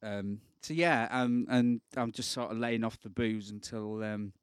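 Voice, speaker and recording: A man's voice: on the low side, steady tone, a little slow, smooth, no room sound, studio quality. A man co-hosting a podcast, joking and rambling in casual banter and laughing often. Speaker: podcast co-host.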